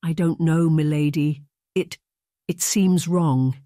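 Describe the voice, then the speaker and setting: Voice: mid-range voice, expressive, moderate pace, darkish tone, no echo, studio quality, natural voice. An audiobook narrator voicing a hesitant, plain-spoken male stable groom. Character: nervous sensible young male stable groom.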